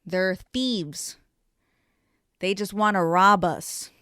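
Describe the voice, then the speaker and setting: A man's voice: sits high, extremely slow, pushed and bright, smooth, no room sound, studio quality, full character voice. A woman voicing an angry man in his fifties who rants about the transit system. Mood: indignant. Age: 50s. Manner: indignant, swearing.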